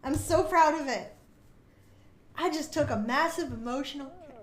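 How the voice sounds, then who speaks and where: In an echoey room, a woman streams a game and chats casually about her own writing, bubbly and quick to make fun of herself, sometimes reading passages aloud. Her voice is high-pitched and her speed normal.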